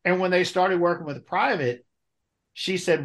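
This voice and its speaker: A man with a notably high voice hosts an interview in a chatty way, swapping stories and putting questions to his guests. He sounds conversational and engaged. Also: moderate pace. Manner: chatty, lively storytelling, asks questions. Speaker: interview host.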